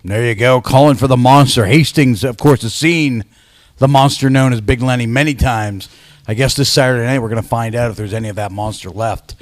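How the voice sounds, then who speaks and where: A man hosting a wrestling show in a laid-back, chatty way, pausing often on "uh". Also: medium pitch, no echo. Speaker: show host.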